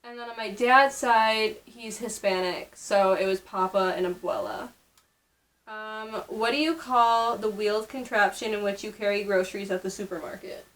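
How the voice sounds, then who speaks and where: A woman's voice: medium pitch, normal speed, fairly bright tone, rough recording. Chatty young woman from upstate New York. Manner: chatty, many fillers. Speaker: vlogger. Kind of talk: casual chat.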